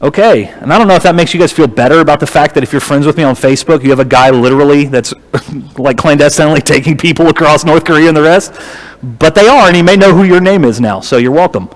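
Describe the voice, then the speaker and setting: A man telling a story as a church lecturer, with a humorous, lively manner. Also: a little high, quick pace. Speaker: guest lecturer. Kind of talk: storytelling sermon. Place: church auditorium. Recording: reverberant hall.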